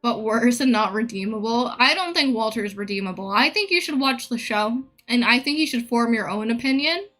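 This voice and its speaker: A woman's voice: a little high, normal speed, few pauses, fairly bright tone. A woman streamer in a casual live-stream rant, blunt, profane and opinionated.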